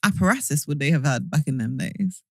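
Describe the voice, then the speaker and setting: A woman's voice: low voice, lively intonation, a little fast, husky, no room sound, studio quality. Playful young woman podcaster. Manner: playful, laughs often. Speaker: podcast co-host. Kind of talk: casual chat.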